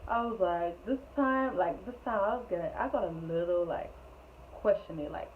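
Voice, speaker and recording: A woman telling a storytime vlog in an animated, rambling way, full of "like", on a tinny, phone-like recording. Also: fairly low pitch, moderate pace. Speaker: vlogger. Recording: tinny phone-like sound, faint hiss.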